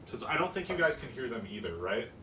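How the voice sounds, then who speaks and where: A teenage boy rambles through a baking live stream, mocking himself and swearing offhand. His mid-pitched voice sits back from the mic in an echoey kitchen with clear noise behind it. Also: big pitch swings, quick pace. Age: teens. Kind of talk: casual live-stream chat while baking. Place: home kitchen. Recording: echoey room, distant mic, noisy.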